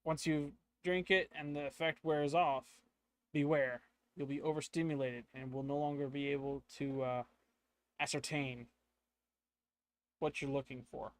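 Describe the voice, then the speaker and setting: A man's voice: fairly high pitch, steady tone, unhurried, close to an everyday voice. A man voicing a very old, hunched woman who sells potions, with a shaky attempt at an old-lady accent. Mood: knowing.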